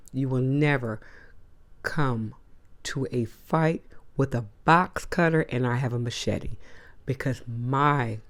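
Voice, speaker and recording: A woman hosting a casual monologue to camera, blunt and emphatic, with slangy asides. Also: rumbling low. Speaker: host.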